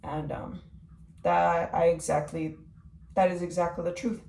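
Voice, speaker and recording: A young woman tells her own story in a loose, rambling way, leaning on "like" and "um". Her voice is on the low side with a gravelly edge. She sounds distant, in an echoey room with faint ambient noise. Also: level tone, measured pace, warm tone. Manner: rambling, heavy use of "like" and "um". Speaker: vlogger. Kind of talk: personal testimony.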